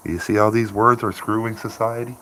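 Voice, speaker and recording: A man's voice: lowish voice, fairly even intonation, fairly quick, noisy background. A man chatting casually on a morning live stream, rambling and laughing often. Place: home by a window.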